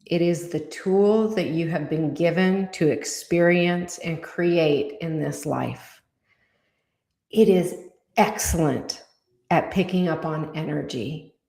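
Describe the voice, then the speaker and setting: A woman co-hosting a podcast, channeling spirit guidance in a calm, measured, deliberate way. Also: deep voice, creaky, echoey room.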